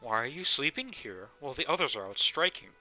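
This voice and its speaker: A man's voice: medium pitch, big pitch swings, brisk, sharp tone, faint music behind, rough recording. A man casually playing a game live, amused, reading text aloud. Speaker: streamer.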